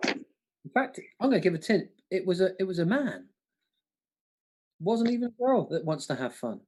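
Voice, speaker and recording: A panto comic co-hosting a livestream music quiz, jokey and chatty, often stumbling and restarting. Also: male voice, high-pitched, big pitch swings, moderate pace, a little mellow, husky.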